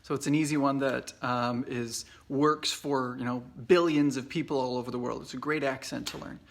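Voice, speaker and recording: An American English teacher in his forties gives a relaxed, chatty lesson full of fillers and restarts, streamed as a casual Facebook Live video while he's away at a conference. His voice is mid-range at normal speed.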